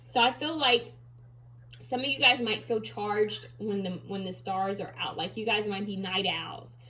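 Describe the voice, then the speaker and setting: A young woman giving a casual tarot card reading, chatty, repeating key phrases and reading card text aloud slowly. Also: mid-range voice, fairly even intonation, sharp tone.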